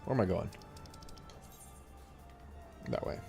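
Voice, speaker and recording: A man's voice: lowish voice, lively intonation, moderate pace. Easygoing male game streamer, faint music. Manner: chatty, easygoing, reacts aloud to gameplay. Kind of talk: casual live-stream chat while gaming.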